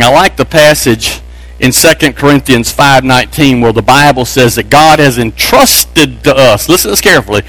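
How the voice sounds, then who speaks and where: A man's voice: a bit bright, no echo, low-quality recording. A man from Texas, preaching a sermon with emphatic, rising delivery. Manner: emphatic, pitch climbing on key phrases. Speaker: pastor.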